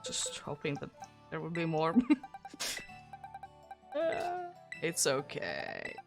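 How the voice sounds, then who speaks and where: A young Finnish woman with a Finnish accent, chatting casually to her livestream audience in English, her second language. She talks in an unhurried, slightly low voice and keeps breaking into giggles. Quiet music plays faintly behind her. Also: huge pitch swings, creaky. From Finland. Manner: chatty and giggly, with frequent laughs and restarts. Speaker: streamer.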